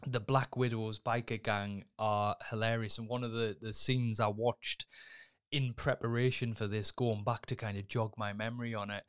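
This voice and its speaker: A man's voice: fairly low pitch, moderate pace, clean tone. A man co-hosting a film podcast, telling stories animatedly and laughing as he chats casually. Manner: animated storyteller who laughs and acts out scenes. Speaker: podcast co-host. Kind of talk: casual chat about films.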